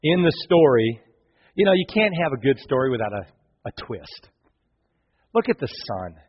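A male pastor preaching a sermon, telling a story with passion and big swings from loud to quiet. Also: mid-range voice, big pitch swings, normal speed, slightly rough. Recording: long hall reverb, dull lo-fi sound.

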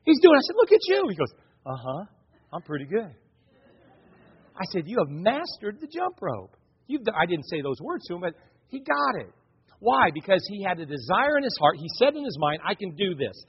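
This middle-aged preacher speaks briskly in a high, husky voice, bringing family anecdotes to life by acting out his wife and kids. The sermon comes through dull and lo-fi, echoing around a large hall.

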